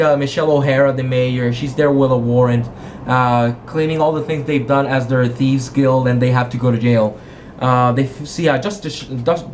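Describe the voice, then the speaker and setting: A man's voice: mid-range voice, a little hiss or hum. A man game master casually retelling a tabletop game session, rambling and correcting himself as he goes and acting out the characters' quotes. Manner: rambling, self-correcting storyteller who acts out quotes.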